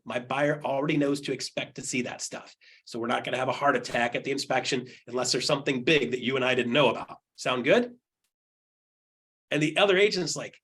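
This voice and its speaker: A middle-aged man coaching real estate agents on a video call, animated, acting out quotes in jumpy voices. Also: fairly quick, slightly rough. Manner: animated, acts out quotes with jumps in pitch. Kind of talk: energetic coaching talk.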